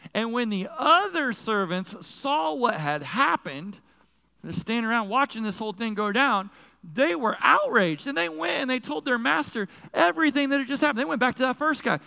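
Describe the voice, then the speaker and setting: A man preaching a sermon as a pastor, telling a story in a casual, animated way with slang asides. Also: sits high, gravelly. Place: large church sanctuary. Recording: long reverb of a large hall.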